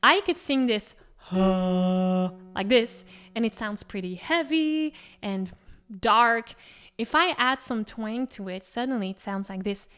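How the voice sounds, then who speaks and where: A woman's voice: a little high, unhurried, sharp tone, smooth. A woman singing teacher giving an encouraging vocal lesson and demonstrating exercises.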